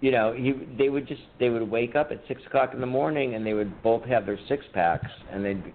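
A man's voice: medium pitch, brisk. A man co-hosting a podcast, telling rambling, profane stories in casual chat. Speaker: podcast co-host. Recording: tinny phone-like line with faint noise.

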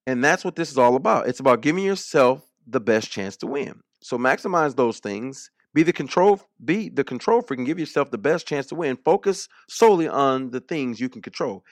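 A man's voice: mid-range voice, expressive, brisk, few pauses, no room sound, studio quality. A man hosting a political talk radio show, speaking in an emphatic, repetitive monologue.

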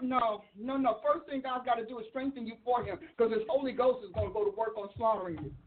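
A woman preaches with excitable energy, often laughing and acting out the voices in her stories. Her voice sits high. The sound is thin and phone-like. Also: quick pace, hardly any pauses. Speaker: preacher and author. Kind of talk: sermon. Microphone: livestream.

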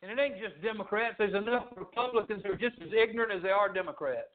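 A man preaching a fiery sermon as pastor, swinging from shouts to low, quiet lines. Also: quick pace. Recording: tinny phone-like sound.

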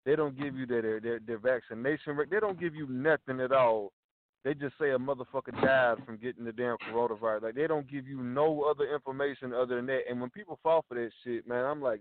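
A man's voice: medium pitch, fast talker, dry recording. Profane man ranting on a tinny line. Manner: profane, repeats himself, tags lines with "you dig", "bro", "dog". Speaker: radio show co-host. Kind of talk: heated casual talk radio rant. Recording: tinny phone-like audio.

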